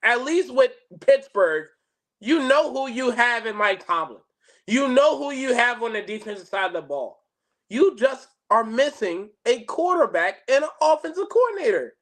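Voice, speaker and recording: A podcast co-host in casual sports chat, emphatic and rising to rhetorical outbursts, then dropping soft. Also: medium pitch, big pitch swings, normal speed. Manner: emphatic, rhetorical questions, swings loud and soft.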